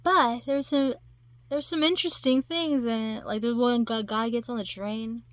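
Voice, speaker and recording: A woman's voice: on the high side, fairly even intonation, moderate pace, dry recording. A woman chatting casually to camera, rambling with lots of fillers and restarts. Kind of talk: casual chat.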